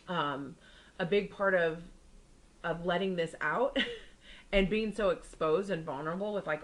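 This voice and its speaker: A woman's voice: fairly bright tone, low-quality recording. A young woman co-hosting a podcast, chatting casually and acting out the people in her stories. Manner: chatty storyteller, acts out quotes with big pitch jumps. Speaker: podcast co-host. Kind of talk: casual chat.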